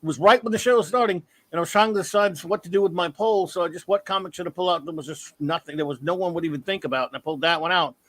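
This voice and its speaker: A man hosting a casual live-stream chat, rambling and excitable, often correcting himself mid-sentence. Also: high voice, very fast, hardly any pauses. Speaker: podcast host.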